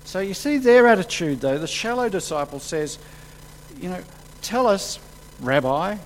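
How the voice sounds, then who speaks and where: A man preaching a sermon, acting out the quotes he reads with sudden rises in pitch and volume. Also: normal speed, a little hiss or hum, rough recording. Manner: animated, acts out quotes with sudden jumps in pitch and loudness.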